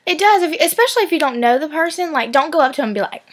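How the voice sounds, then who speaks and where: A woman's voice: sits high, animated, rapid-fire. A teenage girl chatting casually with a friend, giving dating advice in a giggly, filler-heavy way. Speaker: vlogger.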